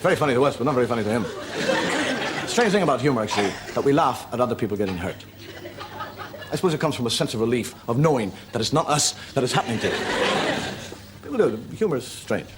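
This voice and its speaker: Male comedy host, lively pitch, brisk joke-telling with voiced characters, old noisy TV audio. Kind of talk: stand-up monologue. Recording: old TV recording with audience noise.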